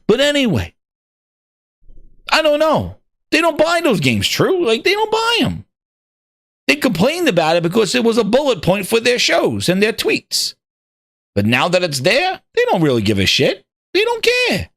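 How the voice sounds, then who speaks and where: A man hosting a gaming show, ranting with constant swearing and excited repetition. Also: extremely high pitch, moderate pace, no room sound, clean studio sound. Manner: excitable, swears heavily, repeats himself. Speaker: podcast host. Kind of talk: profane ranting gaming commentary.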